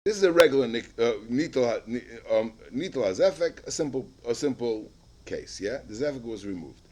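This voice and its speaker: A man with a Yeshivish English accent teaching a Talmud lesson, halting with many restarts and repeated words, rising loud when he explains. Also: mid-range voice, animated, slight background noise.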